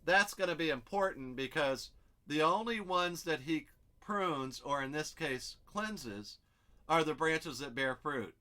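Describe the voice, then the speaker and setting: Guy leading a bible study, bright clear voice, walks through it step by step like he's thinking out loud. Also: on the high side, expressive, a little slow. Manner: explains step by step, thinking aloud over on-screen text. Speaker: Bible teacher. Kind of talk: expository Bible study lesson.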